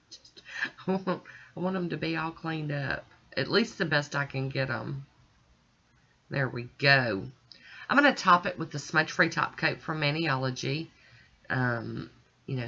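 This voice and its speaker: Working on a nail art tutorial, a woman vlogger keeps up casual, folksy chatter aimed straight at her viewers, with a homey feel. Her voice is very deep with a sharp tone. Dull, lo-fi recording.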